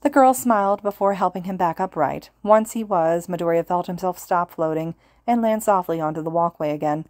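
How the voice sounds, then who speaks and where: A woman reading a fan fiction story aloud as a podfic narrator, calm and steady. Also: fairly low pitch, fairly quick, hardly any pauses, dry recording, clean studio sound. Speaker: podfic reader.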